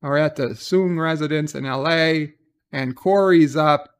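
A man with a noticeably high-pitched voice runs through a TV episode in loose, conversational recap. His tone is sarcastic and he swears freely while paraphrasing what the characters do. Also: measured pace, clear, resonant tone. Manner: profane, sarcastic paraphrasing of scenes. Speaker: TV episode reviewer. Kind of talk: casual spoken episode recap.

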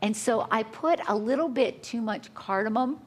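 A woman chef telling a lively story at a live cooking demonstration, acting out her own panicked reactions. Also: on the high side, moderate pace. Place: conference hall with a live audience.

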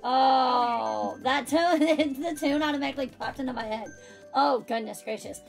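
With music playing in the background, a woman streams a racing game and keeps up bubbly, chatty conversation with friends and viewers, laughing frequently. Her high voice is gravelly and comes out a little slow.

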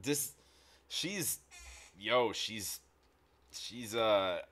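A man with a somewhat low voice hosts a reaction video. He comments casually and excitably, rambling and restarting his sentences as he goes. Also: extremely slow, slight background noise.

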